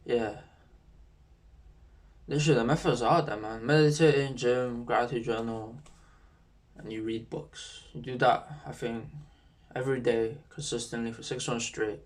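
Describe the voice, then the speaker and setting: A young man, rambling casually in a self-improvement vlog, full of slang and swearing. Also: mid-range voice. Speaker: YouTuber.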